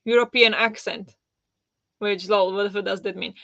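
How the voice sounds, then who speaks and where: A woman's voice: medium pitch, fairly even intonation, normal speed, gravelly, a bit bright, no echo, highs cut off. A woman hosting a live book club discussion, casual, blunt and sarcastic, laughing often. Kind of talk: casual live-stream chat.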